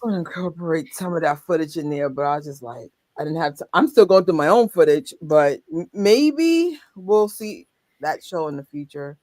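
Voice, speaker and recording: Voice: medium pitch, lively intonation, moderate pace, darkish tone, no echo. A co-host in casual chat, telling stories animatedly with laughter and quoted reactions.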